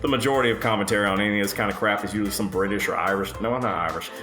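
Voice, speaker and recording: A man's voice: on the low side, rapid-fire, roomy sound, over music. A man telling a ghost story in a casual, profane, rambling way, joking as he goes. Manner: laid-back, joking. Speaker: host.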